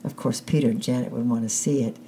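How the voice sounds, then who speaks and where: A woman with a very deep, dark voice reads a children's novel aloud in the first person. Her narration is calm and unhurried, with a faint hiss underneath. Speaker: audiobook reader.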